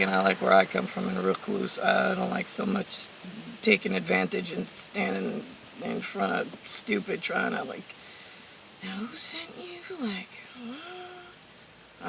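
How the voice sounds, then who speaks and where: Gravelly woman on a sardonic rant. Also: lowish voice, recorded from a distance. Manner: profane, sardonic ranting with frequent fillers and laughs. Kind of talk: rambling monologue to camera.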